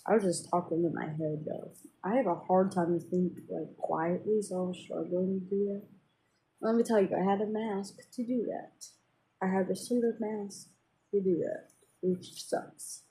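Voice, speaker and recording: A woman's voice: mid-range voice, fairly even intonation, moderate pace, dark tone, rough recording. A woman venting in a casual, rambling way to her viewers, with many fillers and restarts. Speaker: vlogger. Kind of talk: casual personal venting to camera.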